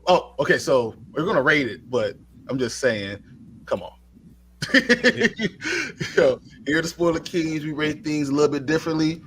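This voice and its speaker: A man's voice: on the high side, brisk, fairly bright tone, slight background noise. A man co-hosting a live movie review show, gushing enthusiastically about a film in casual chat.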